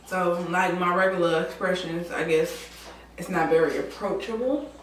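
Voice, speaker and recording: A woman's voice: lowish voice, moderate pace, slight background noise. A woman hosting a mukbang eating show, chatting casually between bites with lots of laughs. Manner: chatty, laughing, southern-style drawl words like y'all. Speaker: mukbang host. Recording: echoey room from far off mic.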